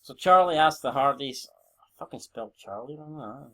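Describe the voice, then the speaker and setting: A man's voice: mid-range voice, lively intonation, normal speed, a bit bright. Rambling, sweary Scottish man. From Scotland. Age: 20s. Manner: rambling, sweary, self-interrupting. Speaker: YouTube gamer. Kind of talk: casual commentary on a wrestling booking game.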